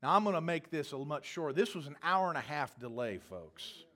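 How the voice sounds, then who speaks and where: A man's voice: a little high, lively intonation, a little fast, bright, forceful tone. A man preaching a sermon as a pastor, telling a long, humorous travel story in a rambling, self-correcting way.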